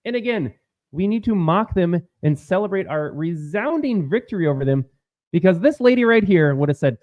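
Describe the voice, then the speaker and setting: A sarcastic American man delivering heated commentary, his pitch swinging widely from line to line. The sound is dry and a little dull, with no room around it. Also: sing-song, normal speed, no echo. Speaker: political commentary host. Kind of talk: commentary on clips.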